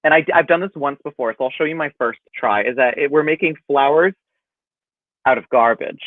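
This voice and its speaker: A young man hosting a casual livestream, chatty and animated, laughing often as he talks over a video call. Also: fairly high pitch, brisk, no echo. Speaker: host. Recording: tinny phone-like dry call audio.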